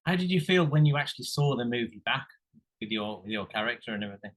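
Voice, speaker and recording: A man's voice: mid-range voice, expressive, fast, a bit bright. A man hosting a radio interview, adding short reactions and asking questions. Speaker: radio host.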